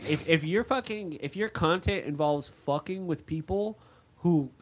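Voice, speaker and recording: A man's voice: a little high, unhurried, slight background noise. An American man co-hosting a podcast in casual banter, rambling and profane as he tells stories. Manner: rambling, profane, animated storytelling. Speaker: podcast co-host.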